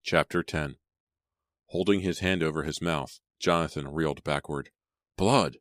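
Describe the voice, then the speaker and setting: A man narrating a storybook in a steady, measured way. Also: a bass voice, no room sound. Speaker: audiobook narrator. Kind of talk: scripted audiobook narration.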